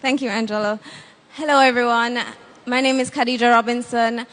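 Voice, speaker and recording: A woman's voice: a little high, a little fast. A woman in her twenties with a Jamaican accent, humbly introducing herself as a pageant contestant. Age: 20s. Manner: humble, steady.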